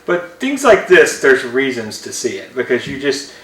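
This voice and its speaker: A man's voice: medium pitch, wildly swooping pitch, moderate pace, a bit bright. A man hosting a casual movie review chat, rambling and hesitant, repeating words as he talks. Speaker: podcast host. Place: home basement room. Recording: roomy, distant mic, faint hum.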